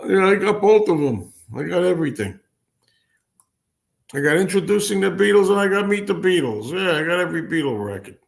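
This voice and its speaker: A man's voice: high-pitched, animated, brisk, creaky, voice pushed up. A man doing an eager, bragging young guy. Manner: gleeful bragging, repeated claims. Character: eager boastful young male fan.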